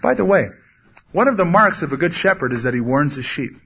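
A man preaching a sermon, earnestly teaching from the Bible and acting out quotes with sudden loud bursts. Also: a little high, expressive, fairly quick, husky. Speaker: pastor. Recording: dull lo-fi sermon recording.

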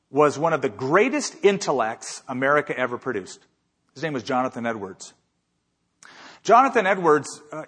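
A man's voice: medium pitch, fairly bright tone. A man preaching a sermon as a pastor, emphatic, with rhetorical questions and repeated phrases.

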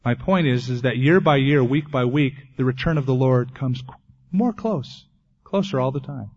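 A man preaching a sermon as pastor, earnest, ending in a quiet prayer. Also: medium pitch, normal speed. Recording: dull lo-fi 1980s tape.

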